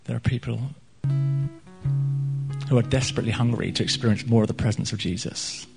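A man's voice: mid-range voice, a little fast, vocal fry. A man, a church pastor, preaching a sermon in a church hall with earnest, emphatic delivery and frequent restarts. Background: soft guitar playing.

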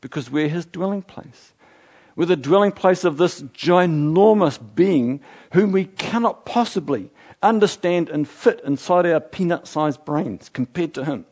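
A middle-aged man from New Zealand, a pastor preaching a sermon, building from quiet reflection to fervent exclamations. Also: on the high side, a little slow. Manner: impassioned, rising to fervent exclamations.

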